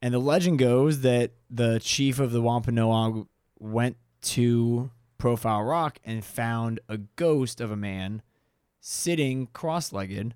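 A man's voice: mid-range voice, takes it slowly, darkish tone, clear, resonant tone, no echo, clean studio sound. A man co-hosting a podcast, telling a local legend in a rambling, teasing way. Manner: rambling, teasing, many fillers and restarts. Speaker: podcast co-host. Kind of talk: casual podcast storytelling.

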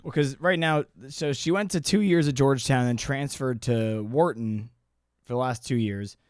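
A man's voice: medium pitch, moderate pace, clear, resonant tone, no echo, studio quality. A man co-hosting a podcast, chatting casually, swearing freely and retelling stories. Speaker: podcast co-host. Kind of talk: casual chat.

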